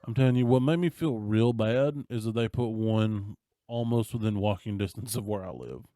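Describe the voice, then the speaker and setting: A Southern man co-hosting a podcast, easygoing and chatty as he retells scenes. His voice sits fairly low. The sound is dry and close to the mic. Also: normal speed, warm tone, no room sound. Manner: laid-back storyteller, acts out movie scenes. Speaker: podcast co-host. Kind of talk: casual podcast chat.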